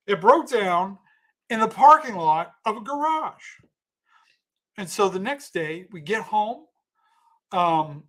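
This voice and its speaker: Man, slightly higher voice, loose chatty storyteller who restarts sentences. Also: pushed and bright. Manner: rambling, self-correcting, thanks donors mid-story. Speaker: comedian telling a story on a livestream. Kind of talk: casual storytelling.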